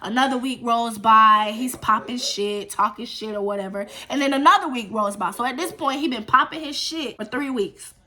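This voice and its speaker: A young woman with a bright, sharp voice pitched a little high tells a story to her vlog camera. She talks casually, with animated, profane and emphatic delivery. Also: normal speed, few pauses. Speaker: storytime vlogger.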